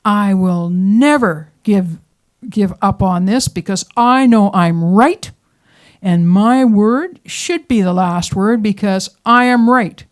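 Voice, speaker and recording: A woman voicing a stubborn, indignant wife who insists loudly and emphatically that she is right. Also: medium pitch, slow pace, natural voice. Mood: defiant.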